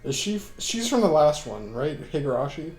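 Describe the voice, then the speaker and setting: Higher-voiced man chatting in an echoey room. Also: very animated, moderate pace, soft background music. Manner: short reactions, uncertain questions. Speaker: co-player listening. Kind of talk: casual chat.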